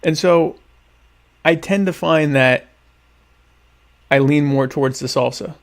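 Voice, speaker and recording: A young adult man hosting a podcast, answering listener questions in a deadpan, ironic, rambling way while eating dinner. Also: on the high side, takes it slowly. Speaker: podcast host. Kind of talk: casual solo chat answering listener questions.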